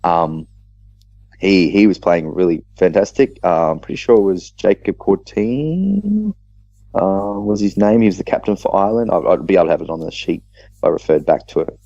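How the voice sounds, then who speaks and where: An Australian man tells a gaming story in a casual podcast chat, full of quick restarts. His voice sits very low and mellow. The dry sound of the recording is a little dull and lo-fi. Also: no room sound. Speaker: podcast co-host.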